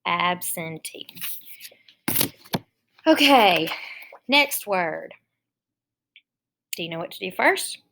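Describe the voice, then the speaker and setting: A woman teaching a phonics lesson to young children, explaining each step slowly and patiently. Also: on the low side, animated, creaky, a bit bright.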